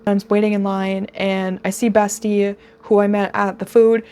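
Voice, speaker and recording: A woman in her twenties telling a storytime vlog, gushing and excitable, speeding up in rapid bursts. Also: medium pitch, clear, resonant tone. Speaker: vlogger.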